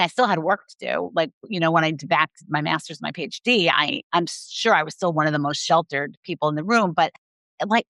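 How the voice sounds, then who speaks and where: A woman's voice: low voice, sharp tone, no echo. A woman sex therapist speaking frankly as a guest on an interview podcast, telling personal stories in a candid, open way.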